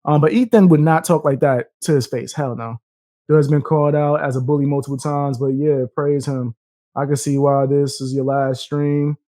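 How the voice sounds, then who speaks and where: A man's voice: on the high side, steady tone, normal speed, warm tone, no echo, studio quality. A young man live streaming, reacting with a profane, combative rant and taunting his viewers between laughs.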